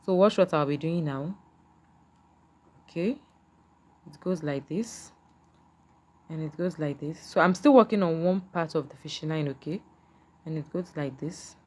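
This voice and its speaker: A woman's voice: low-pitched, measured pace, pauses often, darkish tone. A woman giving a patient, step-by-step beading tutorial and often asking the viewer whether they can see. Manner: patient, repetitive, checks in with "can you see?".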